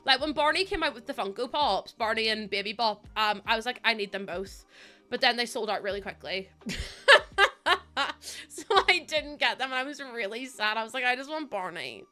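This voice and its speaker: Bright-voiced, sniffly young woman. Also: on the high side, a little fast. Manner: chatty and giggly, greets viewers. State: sniffly, close to tears. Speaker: live streamer. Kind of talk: casual live-stream chat.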